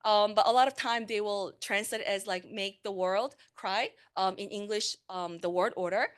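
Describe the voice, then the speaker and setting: A woman's voice: mid-range voice, steady tone, moderate pace, clean tone. A woman, a language instructor giving a conversational conference talk on teaching translation, with fillers and self-corrections. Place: conference room.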